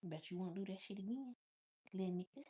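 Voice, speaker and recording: A woman chatting casually with viewers as a tarot reader, telling stories in a blunt, profane, animated way. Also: mid-range voice, brisk, slightly rough. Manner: blunt, profane, animated storytelling with frequent laughs. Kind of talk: casual live-stream chat.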